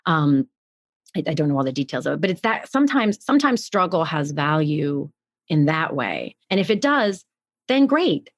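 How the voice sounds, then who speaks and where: A woman's voice: fairly low pitch, no room sound. A woman co-hosting a podcast, thinking aloud in casual reflective chat with frequent restarts. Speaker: podcast co-host.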